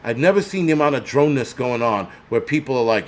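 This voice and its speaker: A little fast and with hardly any pauses, an older man's animated, medium-pitched voice fires off an angry vlog rant. He hosts a prepper channel in New York City and leans on heavy profanity, sarcasm and mocking impressions of others.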